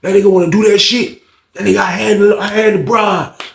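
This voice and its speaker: A man voicing a stubborn, defiant older male inmate with a gruff, muttering delivery. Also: sits high, steady tone, brisk, roomy sound, pitched above the performer's own voice.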